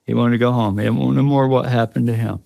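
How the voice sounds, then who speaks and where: A man's voice: medium pitch, steady tone, quick pace, vocal fry, dark tone, slight background noise. A man, a guest on an interview show, earnestly recounting a tense personal experience, often breaking off and restarting. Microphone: studio podcast mic.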